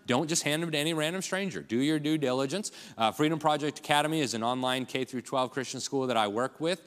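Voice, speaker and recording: A man's voice: a little high, fast talker, a bit bright. A man giving an impassioned, rallying speech at a conference, addressing the crowd as folks. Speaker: conference speaker. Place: large conference hall. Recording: long hall reverb.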